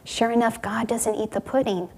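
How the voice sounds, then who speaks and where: A woman giving a spiritual talk, telling parables in a gently rhetorical manner. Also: fairly high pitch, fairly even intonation, moderate pace, gravelly. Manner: warm storytelling, gently rhetorical. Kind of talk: sermon.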